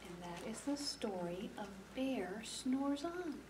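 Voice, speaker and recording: A woman children's librarian reading a picture book aloud to preschoolers, slow, gentle and expressive. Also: a little high, far from the mic, background noise. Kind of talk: preschool storytime read-aloud.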